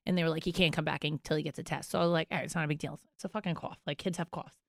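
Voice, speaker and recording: A woman in her thirties talks on a casual podcast in a relaxed, matter-of-fact way, with casual swearing. Her voice sits a little low, and the recording is close and dry. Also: rapid-fire, gravelly, no room sound. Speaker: podcast co-host. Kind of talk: casual chat.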